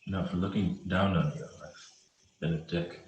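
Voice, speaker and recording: A man's voice: low-pitched, fairly even intonation, unhurried, dull audio. A man playing a remorseful young police officer who stammers through apologies, read over a video call. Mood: apologetic. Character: young male cop, remorseful and persistent. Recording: echoey room.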